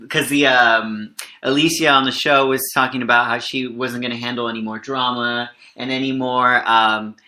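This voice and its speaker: A man's voice: medium pitch, steady tone, moderate pace, sharp tone. Host man reading fan questions. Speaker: podcast host.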